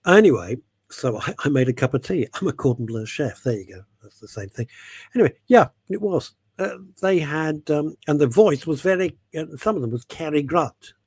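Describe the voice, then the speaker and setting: A man's voice: on the high side, lively intonation, brisk, few pauses, darkish tone, husky, no echo. A man from England hosting a radio show, chatting in a jokey, rambling, self-mocking way.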